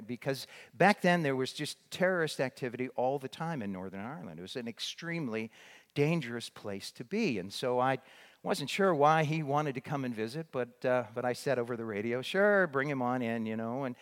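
A man's voice: mid-range voice, expressive, brisk. Older man telling a mission story. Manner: rambling with many restarts and fillers. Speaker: former missionary. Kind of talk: storytelling talk.

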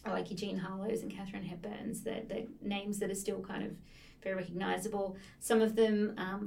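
A woman's voice: mid-range voice, creaky, a little mellow, recorded from a distance. A woman co-hosting a casual chat about books, telling stories enthusiastically and laughing often. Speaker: podcast co-host discussing books.

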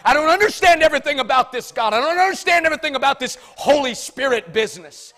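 A man preaching a sermon, swinging from loud shouts to soft asides. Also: very high-pitched, animated, fast.

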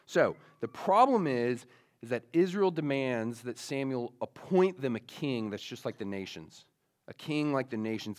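A man's voice: medium pitch, lively intonation, a little slow, a little mellow. A male pastor preaching a sermon in a casual storytelling way, with many fillers, speaking to young listeners.

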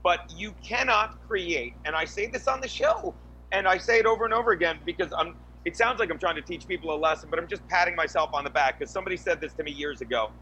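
A man on a podcast rambles through a crude, restless rant, full of swearing and restarts. His voice sits high and sounds bright and forward. A faint hum runs behind him. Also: quick pace, lo-fi sound. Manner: many restarts and fillers. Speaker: podcast co-host, guest. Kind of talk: crude casual podcast chat.

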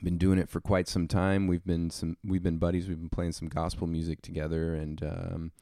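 A man with a very deep, smooth voice hosts a podcast, talking in an easygoing, rambling way full of "uh"s and "um"s. The sound is dry and close, with no room echo. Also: level tone, moderate pace, warm tone. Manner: easygoing, rambling with many fillers. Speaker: podcast host. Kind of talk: casual podcast chat.

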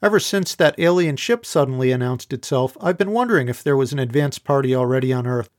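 A man voicing a sharp young female reporter in an audiobook, asking pointed, incredulous questions. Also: medium pitch, lively intonation, fast, natural voice. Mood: amused. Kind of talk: audiobook character voice.

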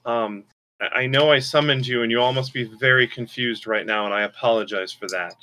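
A man's voice: medium pitch, fairly quick, bright, forceful tone, close to an everyday voice. A man voicing a small, timid squirrel nature spirit that stammers and apologizes in a wispy voice. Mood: pleading.

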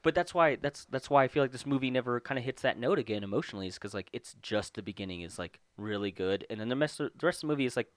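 A man's voice: medium pitch, animated, fast, hardly any pauses, no echo. A man talking casually about a movie, rambling with lots of fillers.

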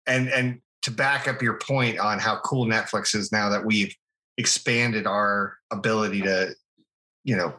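A man co-hosting a podcast, telling stories about his young daughter in animated, casual chat. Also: fairly low pitch, measured pace, rough recording. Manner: storytelling, animated. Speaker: podcast co-host.

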